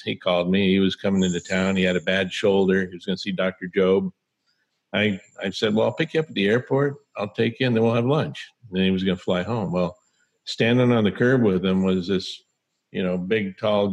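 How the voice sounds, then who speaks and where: A man who is a sports agent and lawyer, calmly telling an interview how he met a client. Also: deep voice, poor audio. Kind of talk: storytelling in an interview.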